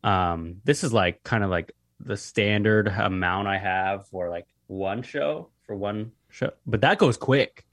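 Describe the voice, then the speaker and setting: A man's voice: fairly low pitch, a little slow, few pauses, fairly bright tone, no echo, studio quality. Rambling young man, podcast guest. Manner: loose and rambling, with many fillers and the odd swear word. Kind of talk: casual podcast conversation.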